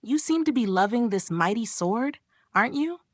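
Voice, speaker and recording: A woman's voice: a little high, lively intonation, moderate pace, fairly bright tone, no echo, studio quality. A woman voicing a cocky, teasing young man in a manga recap, with a smug manner.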